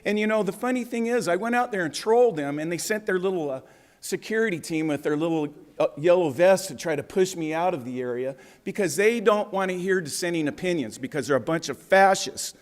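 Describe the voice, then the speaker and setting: A man's voice: sits high, brisk. Angry man ranting at a podium. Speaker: public commenter. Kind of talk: public comment speech. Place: city council chamber.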